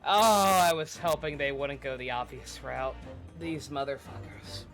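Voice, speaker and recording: A man's voice: medium pitch, a little slow, a bit bright, faint music behind. A man streaming a story game, reacting expressively, joking and swearing at the plot. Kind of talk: let's play commentary.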